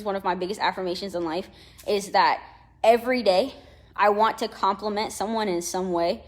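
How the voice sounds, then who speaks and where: Young woman giving a casual pep talk, chatty, lively, does little voices for people. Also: medium pitch. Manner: chatty and animated, acts out quoted voices, laughs often. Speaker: motivational session host.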